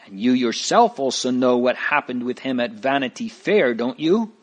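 A man's voice: medium pitch, animated, moderate pace, close to an everyday voice. A man reading a story aloud, voicing a fearful neighbor woman who scolds and pleads in a raised voice. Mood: scolding.

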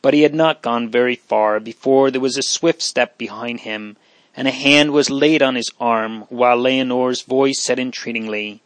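A man narrating an audiobook of a period novel in a measured, steady way. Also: medium pitch, dry recording.

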